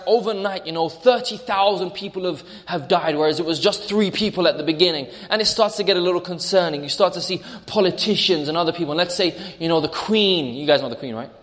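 A man's voice: high-pitched, a bit bright, in a large hall. A male preacher delivering a sermon, storytelling through a vivid imagined scene.

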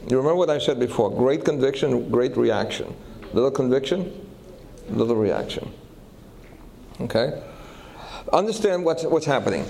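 A man's voice: mid-range voice, creaky, a little hiss or hum, rough recording. A male pastor preaching a sermon, telling a story and checking in with the audience through questions. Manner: animated, asks the audience questions.

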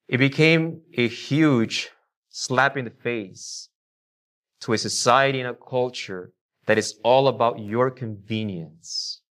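A man's voice: medium pitch, takes it slowly, a bit bright. Man preaching an emphatic sermon. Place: church before a congregation.

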